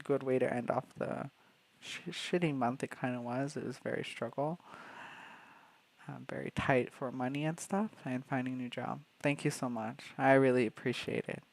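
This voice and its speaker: A man's voice: medium pitch, fairly even intonation, normal speed, vocal fry. A young man from Canada, a streamer telling a workplace story in casual livestream chat, swearing freely.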